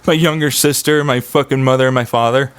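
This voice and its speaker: A man's voice: medium pitch, steady tone, fairly quick, a bit bright, smooth, no echo. A young man streaming, venting in an agitated, profane, rambling monologue.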